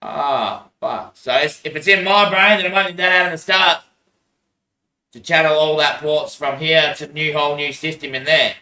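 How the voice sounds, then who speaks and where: A man's voice: a little high, moderate pace, pushed and bright. An Australian man in a rambling casual monologue, swearing a lot and laughing between phrases. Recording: echoey room, voice far from mic.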